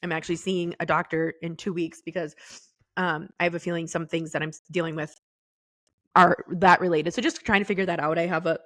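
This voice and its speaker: Middle-aged woman, podcast co-host, lowish voice, halting and teary, dry close sound. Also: fairly even intonation, no room sound. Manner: tearful, halting, soft-spoken. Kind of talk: casual faith chat. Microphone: podcast microphone.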